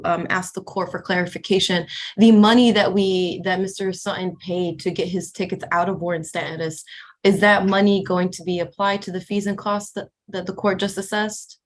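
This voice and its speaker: A woman's voice: medium pitch, fairly even intonation, moderate pace. Woman lawyer on a court zoom call, polite, apologetic, asking for clarification. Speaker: defense attorney. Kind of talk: courtroom exchange. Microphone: video call.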